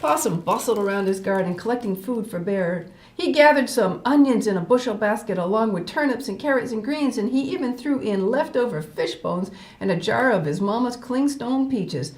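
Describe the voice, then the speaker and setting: An older woman reading a folk tale aloud as storyteller host, animated with playful asides. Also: on the high side, normal speed, hardly any pauses. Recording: roomy echo.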